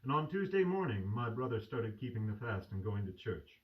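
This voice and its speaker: A man's voice: on the low side, a little fast, hardly any pauses, muffled recording. Man reading a novel aloud, emotional. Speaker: storyteller. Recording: distant mic.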